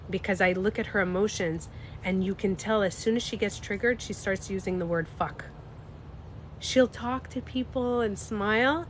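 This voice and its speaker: A woman beauty coach chatting candidly on a livestream, animated, swearing freely and laughing often. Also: medium pitch, a little hiss or hum. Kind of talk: casual livestream chat.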